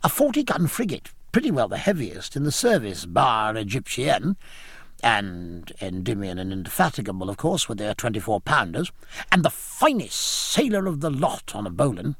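A man voicing a hearty middle-aged naval captain who talks in brisk, jovial sea slang. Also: mid-range voice, sing-song, a bit bright, breathy edge, no echo, clean studio sound, heavily acted.

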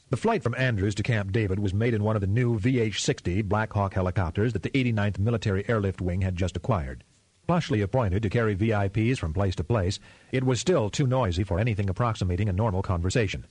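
In a low, husky voice, a male audiobook narrator reads a novel from a script at a steady, measured pace. The recording is dry and close, with no room sound.

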